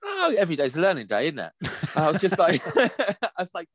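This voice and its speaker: A man's voice: fairly high pitch, huge pitch swings, fairly quick, no room sound. A man co-hosting a casual chat, telling stories in a crude, joking way. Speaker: podcast co-host.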